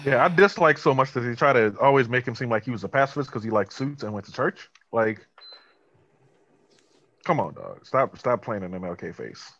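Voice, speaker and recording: A man's voice: medium pitch, expressive, normal speed, a bit bright, no room sound. A man co-hosting a podcast, talking casually, bluntly and profanely. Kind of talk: casual chat. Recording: dull, dry recording.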